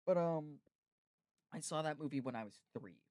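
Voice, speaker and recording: A man's voice: a little high, normal speed, darkish tone, dry recording, studio quality. A man from the United States hosting a podcast, chatting casually and telling long, rambling stories. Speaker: podcast host. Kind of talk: casual chat.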